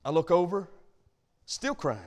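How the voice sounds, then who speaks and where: Pastor, male, middle-aged, high voice with a wide swing, folksy preaching that turns emphatic. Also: big pitch swings, measured pace. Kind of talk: sermon.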